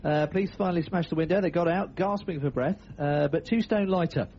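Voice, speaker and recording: A man's voice: fairly high pitch, a little fast, darkish tone, dull audio, a little hiss or hum. A man hosting a comedy radio show, telling odd news stories with playful, laughing patter. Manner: playful, laughing, jumps into funny voices. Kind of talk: jokey comic radio patter.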